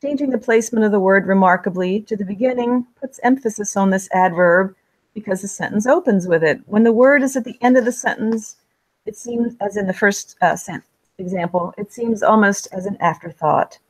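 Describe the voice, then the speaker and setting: A woman explains writing tips in a steady, measured voice at a middling pitch. She reads her examples out plainly and sometimes stumbles over a word. The recording is dry and close, with no room sound. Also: dry recording, poor audio. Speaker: writing instructor. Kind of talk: scripted instructional narration.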